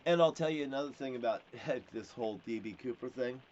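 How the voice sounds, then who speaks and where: A man's voice: mid-range voice, expressive, a little fast, few pauses, a little mellow. Profane, rambling man on lo-fi audio. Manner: profane, swears constantly; rambling, jumps between topics. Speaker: self-proclaimed prophet. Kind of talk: rambling ranting monologue. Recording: dull lo-fi recording with faint hiss.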